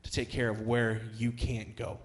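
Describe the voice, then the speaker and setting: A man's voice: medium pitch, completely flat delivery, normal speed. Conversational youth pastor, man. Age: young adult. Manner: conversational, many fillers, rises to loud emphatic passages. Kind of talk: sermon with storytelling.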